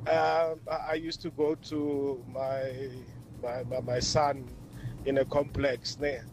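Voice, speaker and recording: A man's voice: mid-range voice, little pitch movement, takes it slowly, music in the background, low-quality recording. Rambling man caller. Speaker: listener voice note. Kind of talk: casual spoken voice note.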